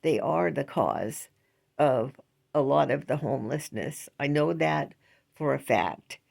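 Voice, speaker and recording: Rambling older woman, gravelly voice. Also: very deep voice, animated, measured pace, darkish tone. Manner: chatty, indignant, rambling with laughs. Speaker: vlogger. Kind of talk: casual rambling monologue.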